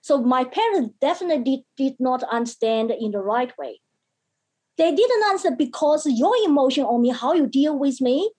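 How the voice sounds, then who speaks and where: Give me a woman with a slightly high, husky voice, telling a personal story in an interview in halting English. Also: animated, mellow. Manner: earnest, halting non-native English with many restarts; acts out quoted voices from her childhood. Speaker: guest.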